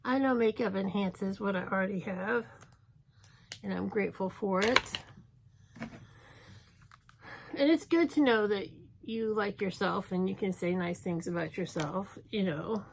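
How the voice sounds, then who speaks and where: A woman's voice: mid-range voice, a little slow, creaky, pauses often, slight background noise. A woman in her fifties chatting casually through a makeup tutorial, joking at her own expense as she works. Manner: chatty, self-mocking, thinking aloud while applying makeup. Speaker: beauty vlogger.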